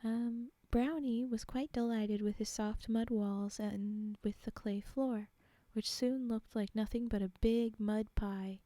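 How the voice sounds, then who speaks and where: A young woman streamer reading fairytales aloud in a soft, often half-whispered voice. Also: fairly high pitch, fairly even intonation, takes it slowly, hardly any pauses, dry recording. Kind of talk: live-stream story reading.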